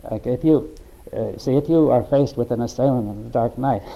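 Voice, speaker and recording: A man in a philosophical discussion, talking haltingly and often checking in with "right?" and "you see". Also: medium pitch, creaky, dark tone, low-quality recording. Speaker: discussion participant.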